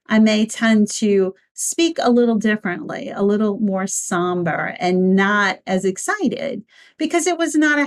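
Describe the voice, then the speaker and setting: A woman teaching how to write and deliver a speech, talking clearly and with emphasis, and her pitch jumps up to stress her points. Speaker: public speaking coach. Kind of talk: instructional talk on speechwriting.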